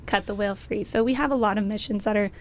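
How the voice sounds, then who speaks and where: A young woman, hoarse from losing her voice, answering interview questions in an upbeat way and laughing often. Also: medium pitch, quick pace. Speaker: guest pilot. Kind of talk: casual interview chat.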